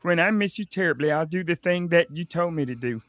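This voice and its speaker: High, bright-voiced flustered man. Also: a little fast. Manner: flustered, stammering, eager. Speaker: improv performer, restaurant worker. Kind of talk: improvised comedy scene.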